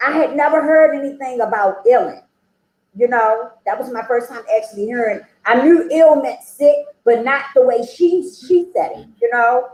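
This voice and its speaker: A woman's voice: sits high, moderate pace, a little mellow, echoey room, rough recording. A woman sharing her personal recovery story at a meeting, chatty and conversational, acting out the dialogue she quotes and often checking in with "okay?" and "you know?".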